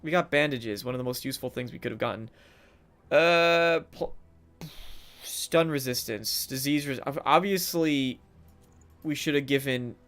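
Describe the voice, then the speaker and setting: A man's voice: mid-range voice, measured pace, pauses often, fairly bright tone, smooth. A man streaming a video game live, commenting casually and talking sarcastically to the characters on screen.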